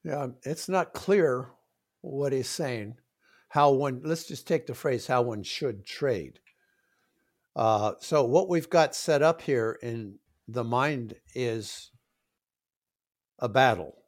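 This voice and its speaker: A man's voice: medium pitch, slow. A man, a trading psychology coach, talking animatedly in a round-table discussion and acting out coaching exchanges. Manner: animated, demonstrative, acts out coaching dialogue.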